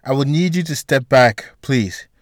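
Man voicing a calm doctor, steady, measured, slightly raised voice, dry. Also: mid-range voice, dry recording, pitched above the performer's own voice, close to an everyday voice.

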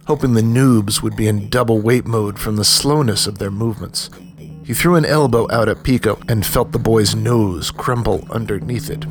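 A man narrating a gritty audiobook story in an even, measured way. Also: lowish voice, soft background music.

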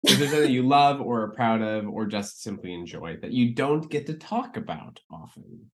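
A woman hosting a casual interview with an unusually low voice. Her pitch moves a lot as she reacts. She asks her questions gently and warmly encourages her guest. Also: expressive, moderate pace. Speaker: interview host.

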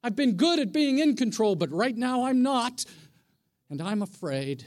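A man's voice: very high-pitched, sing-song, measured pace, darkish tone. A middle-aged man, a pastor, preaching a sermon in a conversational way, often asking the congregation questions.

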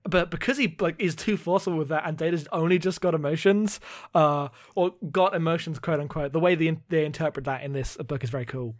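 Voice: medium pitch, a little fast. A podcast co-host recapping a book in casual chat, laughing often and sometimes losing the thread.

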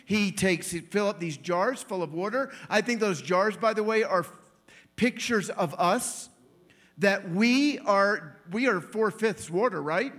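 A man preaching a sermon in a lively storytelling way, acting out the people he quotes and laughing often. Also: sits high, unhurried. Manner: animated, acts out quoted voices, laughs often.

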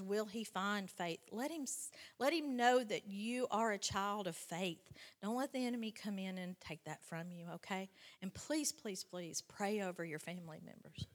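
A woman speaks to a church congregation at an ordinary pitch. She urges and pleads with her listeners. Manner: urging, pleading. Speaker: church member sharing. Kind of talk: exhortation.

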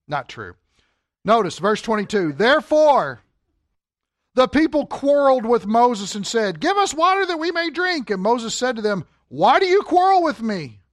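A middle-aged man, a pastor, teaching a Sunday school Bible class in an animated way, with joking asides, getting louder when he reads scripture. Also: a little high, no echo, clean studio sound.

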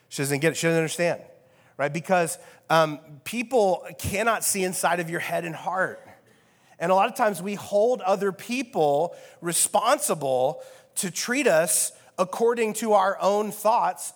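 A man preaching a casual, conversational sermon as pastor, wry and loose with fillers. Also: high-pitched. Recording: long reverb of a large hall.

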